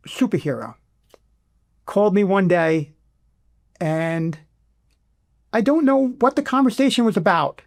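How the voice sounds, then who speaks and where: A middle-aged man, a veteran guest in an interview, speaking with emotion and pausing often to restart. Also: high-pitched, dry recording, clean studio sound. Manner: emotional, halting, many restarts.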